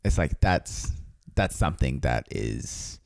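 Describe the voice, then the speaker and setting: A young man with a very deep voice, talking in loose, halting sentences that restart again and again. He laughs easily between thoughts. The recording is dry and close. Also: sing-song, gravelly, a little mellow, dry recording. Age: young adult. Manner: rambling, hesitant, many restarts, quick laughs. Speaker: podcast co-host. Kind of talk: casual chat.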